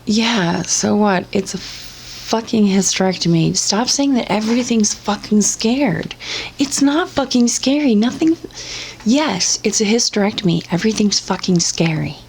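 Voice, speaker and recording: Sarcastic, swearing woman with a gravelly voice. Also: medium pitch, moderate pace, few pauses, darkish tone, a little hiss or hum. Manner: sarcastic, blunt, swears constantly. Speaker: commentary vlogger. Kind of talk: profane ranting commentary.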